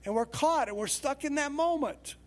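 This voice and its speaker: High-voiced man preaching a sermon. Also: expressive, moderate pace. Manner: conversational storytelling preaching. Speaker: pastor.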